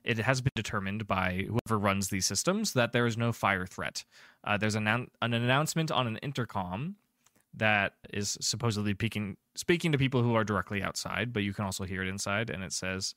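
A low-voiced man running a tabletop game as game master, describing scenes in a chatty way with plenty of ums. The sound is dry and close to the mic. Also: a bit bright, dry recording. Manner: descriptive, chatty, fills pauses with um and uh.

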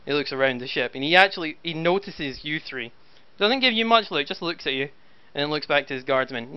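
A man running a tabletop game as game master, narrating slowly with fillers. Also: fairly high pitch, animated, smooth. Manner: slow, halting narration with fillers. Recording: dull lo-fi voice chat.

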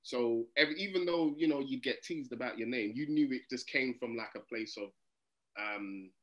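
A man's voice: medium pitch, normal speed, fairly bright tone, muffled recording. A man with a London accent, a comedian guest in a casual interview, telling stories with animation and acting out the voices of people he quotes. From England.

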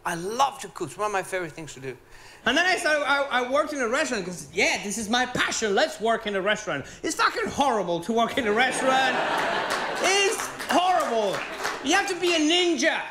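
A man's voice: extremely high pitch, very animated, fast talker, pushed and bright, a faint crowd. A man with a Venezuelan accent doing stand-up comedy on stage, telling stories animatedly and acting out the dialogue. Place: theater stage before live audience. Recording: roomy live venue with audience noise.

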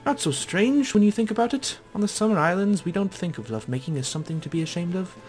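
A man's voice: sits high, expressive, quick pace, a little mellow, faint music behind, voice pushed up. A man voicing a proud, matter-of-fact woman who runs a tavern, in a raised voice.

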